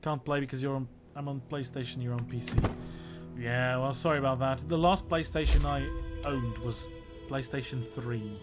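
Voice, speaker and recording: A man's voice: medium pitch, fairly even intonation, moderate pace, over music. A man streaming a strategy game, joking and chatting with his viewers in casual commentary.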